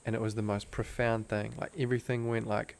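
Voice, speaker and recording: A man's voice: on the low side, level tone, fairly quick, creaky, darkish tone. A young man, a podcast guest, telling a personal story in an earnest, intense way, full of "like" fillers. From Australia. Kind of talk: casual storytelling interview.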